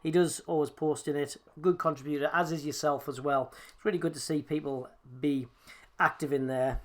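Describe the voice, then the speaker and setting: A man's voice: fairly high pitch, fairly even intonation, a little fast. A man co-hosting a casual live stream, joking and mocking himself. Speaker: co-host.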